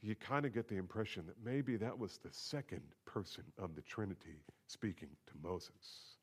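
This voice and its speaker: A man preaching an expository sermon as pastor, moving between quiet asides and rising, emphatic declarations. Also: on the low side, lively intonation, moderate pace, breathy edge.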